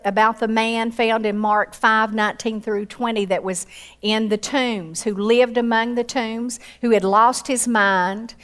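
A woman preaching a sermon with passion, acting out quoted voices and rising to high exclamations. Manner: acts out quoted voices in her storytelling.

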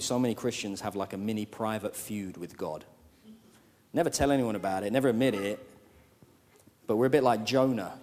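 Pastor preaching in a reverberant hall. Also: male voice. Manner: dynamic, swings from hushed lows to loud outbursts. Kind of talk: sermon.

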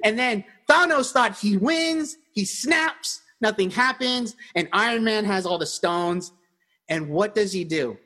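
A man's voice: high voice, a little slow. A man telling stories animatedly in casual chat as a podcast co-host, often restarting his sentences. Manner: animated storyteller with many restarts.

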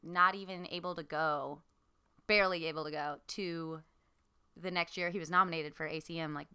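A woman's voice: low-pitched, fairly even intonation, moderate pace, pushed and bright, clean tone. A young adult woman, a country singer as guest, telling stories in casual chat, filling her talk with "like" and laughing often. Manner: chatty, fills with "like", laughs often.

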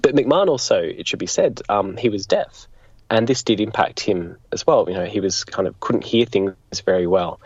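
A low, husky male voice talks through a political life story at an easy conversational pace, pausing and rephrasing as he thinks. The recording is dry and dull, like a modest lo-fi setup. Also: expressive, darkish tone, no room sound. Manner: thoughtful, explanatory, with frequent restarts. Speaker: interview guest, political biographer. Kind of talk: conversational history interview. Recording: dull lo-fi sound.

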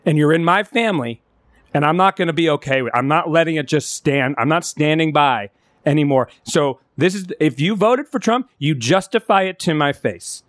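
A man's voice: fairly high pitch, animated, normal speed, a bit bright, no echo, clean studio sound. A man co-hosting a casual podcast chat, talking with heated, profane passion and frequent restarts. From California. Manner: impassioned, profane, restarts a lot when upset. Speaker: podcast co-host.

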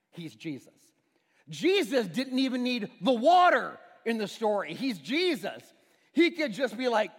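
Animated male pastor in echoing hall. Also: sits high. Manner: animated storytelling, acts out characters and uses a prop. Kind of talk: sermon. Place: church sanctuary with audience. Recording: church hall with long reverb.

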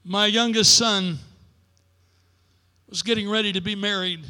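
An older man preaching a sermon as pastor, in a preacher's cadence that builds to shouted declarations. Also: high-pitched, fairly even intonation, measured pace, in a large hall. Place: church sanctuary.

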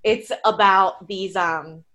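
An American woman in a casual podcast chat, talkative and quick to laugh, often restarting her sentences. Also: medium pitch, fairly even intonation, a bit bright, a little hiss or hum. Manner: chatty, laughs easily, many restarts.

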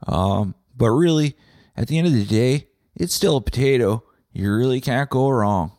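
A young Canadian man hosting a comedic solo podcast, rambling and swearing with deadpan asides. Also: medium pitch, moderate pace, no room sound, studio quality. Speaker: podcast host.

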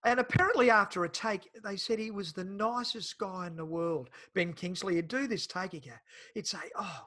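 A man's voice: high-pitched, moderate pace, bright, forceful tone. An older man co-hosting a podcast, chatting casually and rambling about a film. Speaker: podcast co-host.

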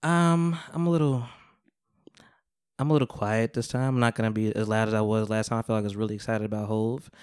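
A man's voice: on the low side, fairly even intonation, fast talker, hardly any pauses, clear, resonant tone, no echo. Man, podcast host: clean resonant tone, close and dry, jokey, laughs often. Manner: laughs often, bursts from quiet to loud. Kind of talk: casual chat. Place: room with a couch.

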